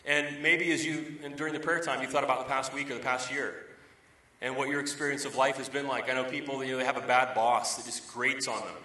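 Pastor preaching in a roomy hall. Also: male voice, medium pitch, fairly even intonation, fairly quick, bright, forceful tone. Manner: conversational storytelling, emphatic repetition. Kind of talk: sermon. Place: church sanctuary. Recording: roomy, distant from the mic.

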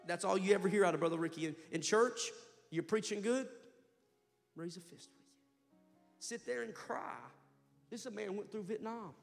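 A man's voice: sits high, moderate pace, creaky, pauses often, big-room sound, faint music behind. A man pastor preaching a sermon, telling a story with rising fervor and heavy repetition. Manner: impassioned storytelling preacher, building to loud fervor. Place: church sanctuary.

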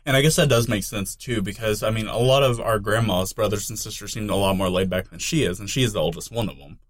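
A man's voice: fairly low pitch, fast talker, dry recording. A man co-hosting a podcast in casual chat, making dry, wry remarks. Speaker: podcast co-host.

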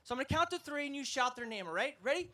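A man preaching an energetic sermon to a festival crowd, emphatic and asking the audience to respond. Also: very high voice, very fast. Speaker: evangelist speaker.

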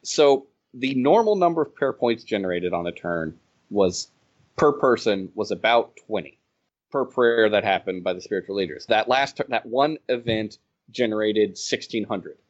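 A man telling stories from running his game in a casual podcast chat, animated and laughing as he goes. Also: lowish voice, normal speed. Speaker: game designer and organizer. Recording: slightly dull, lo-fi audio.

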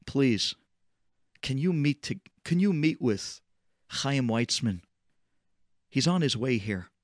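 A man voicing a humble, hesitant man who speaks low and pleads quietly. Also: animated, takes it slowly, dry recording, clean studio sound. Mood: pleading. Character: humble, hesitant middle-aged man, soft-spoken.

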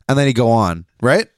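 A man's voice: lowish voice, dry recording. A man co-hosting a casual beer-tasting podcast in a studio, cracking puns and laughing often. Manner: jokey, punning, laughs often. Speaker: podcast co-host. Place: recording studio.

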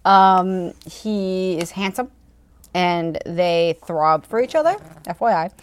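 A woman's voice: lowish voice, slow, slight background noise. A woman co-hosting a casual book discussion, wry and giggly, often trailing off mid-thought. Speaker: podcast co-host.

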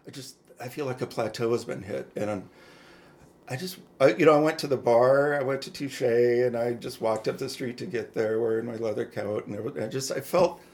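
A man's voice: mid-range voice, brisk, darkish tone. A man co-hosting a podcast, telling personal stories to his friends in a frank, chatty way. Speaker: podcast co-host. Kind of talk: candid personal storytelling.

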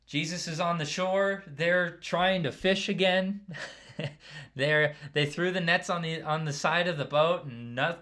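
A man preaching a casual sermon, talking conversationally and checking in with the listeners by asking "right?" again and again. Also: fairly high pitch. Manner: conversational, keeps asking "right?", drops quieter for asides.

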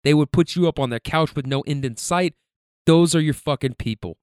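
A man's voice: on the high side, darkish tone, smooth, no echo, studio quality. A man in his thirties giving a candid personal monologue, emphatic and profane, stumbling over repeated words as he talks. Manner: emphatic, profane, halting repetitions.

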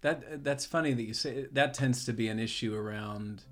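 A man's voice: medium pitch, faint music behind. A man hosting a podcast interview, thinking aloud and restarting his sentences as he talks. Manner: halting, repeats words while thinking aloud. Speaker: podcast host.

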